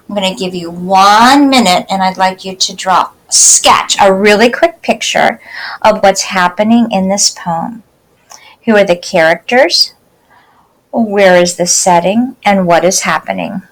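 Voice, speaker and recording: A woman teacher giving a phonics lesson to young children, speaking slowly and sounding out each word part clearly. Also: medium pitch, fairly bright tone, low-quality recording. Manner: slow, carefully enunciated, sounding out word parts.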